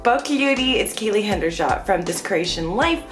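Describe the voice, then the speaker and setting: A young American woman vlogging a casual Q and A from her bedroom, chatty and animated, with lots of fillers. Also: medium pitch, normal speed, echoey room, music in the background. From United States. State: out of breath. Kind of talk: casual Q and A vlog. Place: indoors at home, bedroom.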